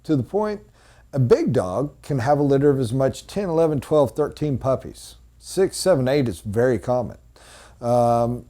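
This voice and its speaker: Male sales trainer, mellow mid-pitched voice, storytelling delivery that sinks to hushed emphasis.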